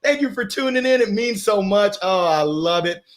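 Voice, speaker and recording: A man's voice: high-pitched, lively intonation, normal speed. A man hosting a live motivational stream, greeting viewers by name with exuberant energy and frequent laughter. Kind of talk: lively live-stream chat reading comments.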